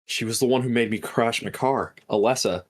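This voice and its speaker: A man voicing a worried mother with a flat, deadpan delivery. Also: mid-range voice, a little fast, close to an everyday voice.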